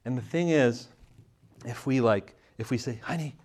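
A man's voice: medium pitch, unhurried, a little mellow. A man in his thirties from Canada, giving a casual church talk with a humorous, self-deprecating manner and sounding tired. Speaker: church speaker and magazine editor. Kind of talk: casual sermon talk with prayer.

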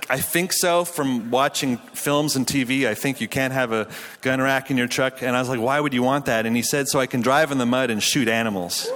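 A man's voice: medium pitch, a bit bright, slight background noise. Guy in his 30s from canada preaching, chatty and self-deprecating, lots of restarts, big echoey hall. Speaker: pastor. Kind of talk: sermon. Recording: hall reverb from a live venue.

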